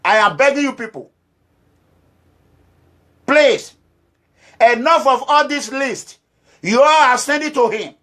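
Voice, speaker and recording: Speaking slowly with frequent pauses, this Nigerian-accented activist leader from Edo State gives a heated political address, scolding one moment and pleading the next. He repeats short phrases for emphasis, and his unusually high, piercing voice has a sharp tone and lively intonation.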